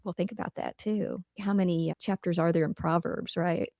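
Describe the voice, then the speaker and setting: Middle-aged woman guest, mellow gravelly voice, earnest and reflective, interview chat. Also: fairly low pitch, fairly even intonation, normal speed, no room sound, clean studio sound. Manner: earnest, reflective, talks through examples. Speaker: guest author. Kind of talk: casual interview conversation.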